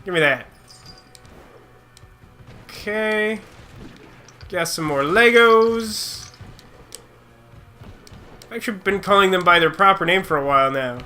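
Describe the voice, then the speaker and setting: A man's voice: high voice, expressive, sharp tone, soft background music. Chatty young man commentating a game. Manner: chatty, rambling, quick reactions to gameplay. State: slightly sick. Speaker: let's play host. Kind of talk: casual gameplay commentary.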